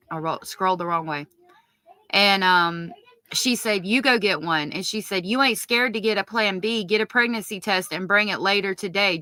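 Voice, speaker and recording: A woman on a livestream reads evidence aloud in a low, subdued tone and then breaks off to curse. Her voice is bright and forward. The sound is close and dry, with no room around it. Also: no room sound. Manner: stops to correct herself mid-read. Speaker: true-crime commentator. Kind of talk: livestream commentary reading court evidence.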